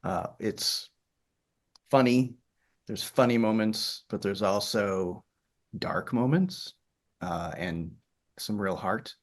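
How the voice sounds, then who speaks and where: A man's voice: fairly low pitch, slow pace, pauses often. A middle-aged man from Michigan's Upper Peninsula with a faint Yooper accent, a theater director telling stories in an interview, chatty with many fillers and restarts. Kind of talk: interview conversation.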